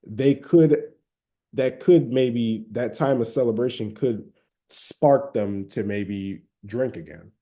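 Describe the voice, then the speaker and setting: Speaking slowly in a mellow, mid-range voice, a man from Atlanta, Georgia, with a Southern accent offers casual, conversational advice on recovering from a habit. His talk is full of fillers and hedges.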